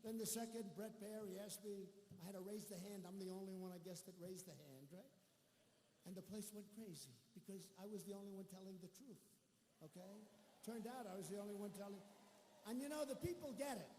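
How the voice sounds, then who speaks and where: A man's voice: sits high, brisk, dark tone, slight background noise. A man giving a rambling, boastful rally speech with mocking asides to a large arena crowd. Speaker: political speaker at a campaign rally. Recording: echoey arena hall with faint crowd ambience.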